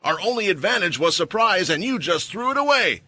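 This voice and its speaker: A man's voice: high-pitched, very animated, brisk, sharp tone, pitched above the performer's own voice, full character voice. A man voicing a harsh, stern expedition commander. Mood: furious. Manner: stern, barking orders.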